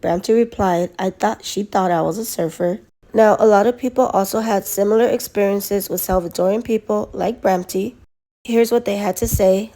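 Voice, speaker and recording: Mellow-voiced woman reading comments. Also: mid-range voice, steady tone, moderate pace. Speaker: gossip commentator.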